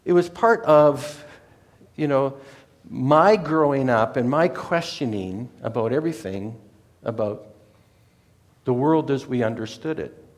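A man's voice: mid-range voice, animated, unhurried, pauses often. A man telling a personal story in a rambling, digressive way that is full of self-corrections. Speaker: speaker recounting a personal story. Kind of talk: casual spoken storytelling.

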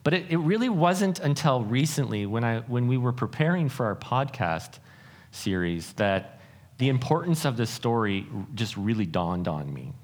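Guy preaching a sermon, really animated pitch, earnest and kinda self-deprecating, keeps restarting sentences. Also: moderate pace. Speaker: pastor.

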